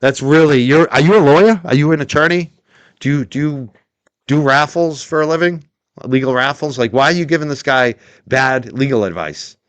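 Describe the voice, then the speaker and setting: A man's voice: mid-range voice, moderate pace, no echo. Sarcastic ranting male stream host. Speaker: show host and commentator. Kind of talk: livestream commentary.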